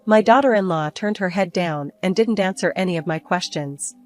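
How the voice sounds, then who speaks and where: An older woman calmly narrating a story in the first person. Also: lowish voice, normal speed, faint music behind. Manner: calm, even storytelling. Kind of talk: scripted narration.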